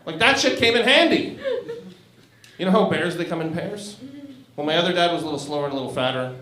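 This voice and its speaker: Brief: forties male stand-up from Canada, fairly high voice, crude and self-deprecating, roomy club echo. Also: animated, quick pace, a crowd in the background. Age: 40s. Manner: crude, self-mocking, laughs at own jokes. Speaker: stand-up comedian. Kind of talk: stand-up comedy set. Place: comedy club stage.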